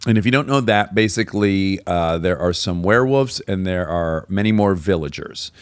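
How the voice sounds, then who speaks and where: Relaxed lower male guest, easy laugh, storyteller, dry close sound. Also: moderate pace, clear, resonant tone, no room sound. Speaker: podcast guest. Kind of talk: casual conversation.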